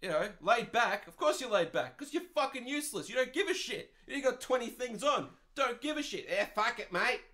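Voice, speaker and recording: A man's voice: very high-pitched, sing-song, fairly quick, few pauses, bright, forceful tone. A man in his twenties with an Australian accent hosting a podcast, ranting in a profane, exasperated and sarcastic way. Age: 20s. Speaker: podcast host.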